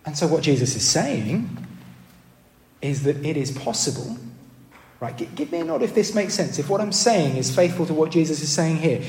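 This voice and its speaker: A man's voice: a little high, big pitch swings, normal speed, creaky, darkish tone, a little hiss or hum. Earnest male preacher in an echoing hall. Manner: earnest, asks the congregation questions, repeats words when restarting. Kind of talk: sermon. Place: church hall. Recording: roomy hall reverb.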